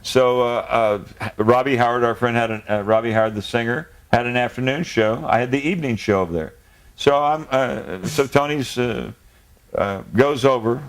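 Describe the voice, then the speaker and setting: A man's voice: mid-range voice, moderate pace. A man as a guest in a casual comedy chat, telling an anecdote and acting out the quotes. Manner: animated anecdote teller, acts out quotes.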